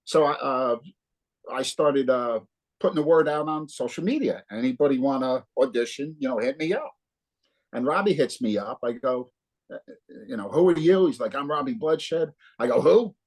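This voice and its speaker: Medium in pitch and speaking at a normal speed, this guest guitarist is a New Jersey man in his fifties. He's an animated, foul-mouthed storyteller in a laid-back interview, performing the dialogue with heavy profanity.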